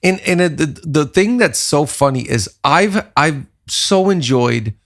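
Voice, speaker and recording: A man with a gravelly, rough-edged voice hosts a leadership podcast. He talks in a lively preaching rhythm and stacks up repeated phrases to drive each point home. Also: fairly high pitch, a little slow. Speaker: podcast host, pastor. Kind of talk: casual leadership podcast talk.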